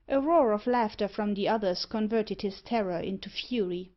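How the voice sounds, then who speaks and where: A woman narrating a classic novel in a measured storytelling manner. Her pitch sits in the middle range, and the recording is dull and lo-fi. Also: steady tone. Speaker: audiobook narrator. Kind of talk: scripted narration. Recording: muffled lo-fi audiobook recording.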